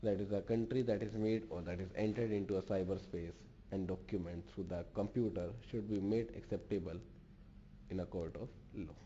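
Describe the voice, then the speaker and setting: A man's voice: deep voice, steady tone, brisk, dark tone. A man giving an online business lecture in a formal way, restating each point in other words. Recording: dull lo-fi recording with faint noise.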